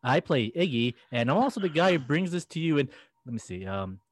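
A man's voice: a little high, very animated, fairly quick, no echo. A young man introducing himself as a player on a tabletop stream, joking and playful. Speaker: tabletop player and podcast editor.

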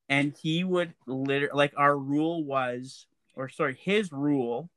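A man chatting casually, relaxed, with many fillers, as he tells a story about his brother. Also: a little high, takes it slowly, dry recording.

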